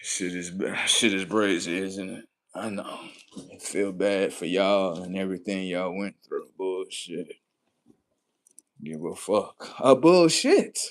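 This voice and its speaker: A man hosting a livestream, swearing heavily in a mocking rant that swings between loud high outbursts and low muttering. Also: animated, slow. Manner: heavy swearing, mocking, talks at the audience. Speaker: livestream host.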